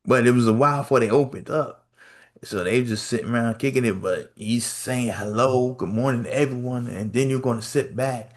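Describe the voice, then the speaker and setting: Man telling a story in a casual, animated rant. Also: mid-range voice, brisk. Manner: animated storytelling with lots of repetition and acted-out quotes. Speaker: podcast host.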